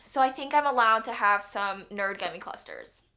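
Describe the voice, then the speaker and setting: A woman's voice: mid-range voice, lively intonation, moderate pace, over loud music. A young woman chatting casually on her book vlog, bubbly and full of "like" fillers. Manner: chatty, bubbly, heavy use of "like". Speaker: book vlogger.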